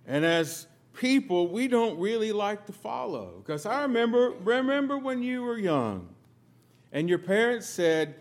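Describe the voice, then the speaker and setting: A middle-aged man from the United States preaching a sermon, telling stories with sudden loud emphatic bursts and quiet asides. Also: a little high, sing-song, slow pace. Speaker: pastor.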